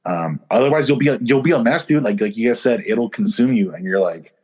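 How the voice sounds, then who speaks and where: A man's voice: mid-range voice, expressive, fairly quick, a little mellow, husky. A man co-hosting a podcast, telling stories in a loose, rambling way full of fillers. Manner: rambling storyteller with many fillers. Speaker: podcast co-host. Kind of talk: casual chat.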